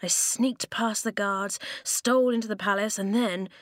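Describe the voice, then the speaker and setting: A woman's voice: medium pitch, fairly even intonation, a bit bright, no echo, clean studio sound, lightly acted. A woman voicing an impulsive, rule-breaking boy who sighs and apologizes, then speaks up boldly. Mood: rueful. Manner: apologetic, quick, sighing.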